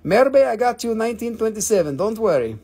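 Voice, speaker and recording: A man's voice: high voice, very animated, brisk, dark tone, breathy edge. A man hosting a live crystal sale, joking and swearing casually in loose, offhand phrasing. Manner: joking, profane, loose non-native phrasing.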